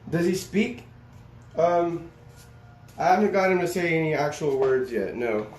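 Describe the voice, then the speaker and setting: A man's voice: on the high side, measured pace, a little mellow, slight background noise. A man chatting casually on a live stream, coaxing his dog in a playful sing-song way. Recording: echoey, roomy sound with faint ambience.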